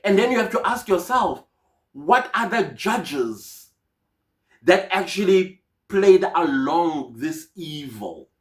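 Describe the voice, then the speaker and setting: A man's voice: high voice, big pitch swings, slow, fairly bright tone. A South African man giving casual, indignant commentary on a court case, mixing in Zulu phrases. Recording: echoey room.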